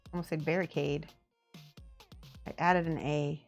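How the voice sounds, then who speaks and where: This low-voiced woman from the American Midwest talks in a steady tone at a measured pace with long pauses while painting miniatures on stream. She reads chat aloud, laughs frequently and plays with word pronunciations; the audio has its highs cut off and soft music underneath.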